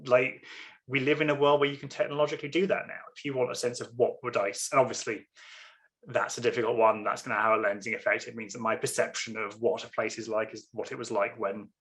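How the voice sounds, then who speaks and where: A man's voice: mid-range voice, little pitch movement, quick pace, a bit bright. A man with a near-RP English accent, talking as an author guest in a rambling way, often breaking off and apologizing. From England. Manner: rambling, self-interrupting, apologetic asides. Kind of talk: casual conversation.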